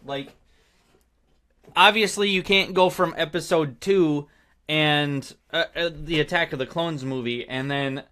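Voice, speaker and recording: A man's voice: on the high side, measured pace, pushed and bright, clean tone. A man hosting a podcast in casual chat, rambling and often trailing off to restart his thought. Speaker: podcast host.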